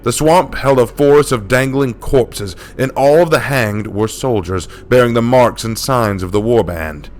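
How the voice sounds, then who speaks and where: A man telling a dark war story in a steady, dramatic scripted narration. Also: medium pitch, measured pace, hardly any pauses.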